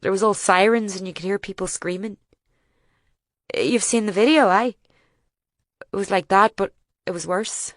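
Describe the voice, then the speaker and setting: A woman reading as a grieving older male farmer who tells of a bombing, in plain, halting dialect. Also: medium pitch, no echo, clean studio sound, close to an everyday voice. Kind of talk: audiobook reading.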